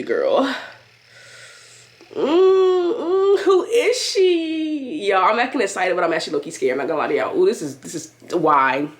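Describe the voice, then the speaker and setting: A woman's voice: on the low side, a little hiss or hum. A woman vlogging to her camera in a room at home, chatty and upbeat, her voice stuffy from a cold. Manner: chatty, upbeat, talks straight to viewers. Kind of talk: casual vlog chat to camera. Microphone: compact camera mic.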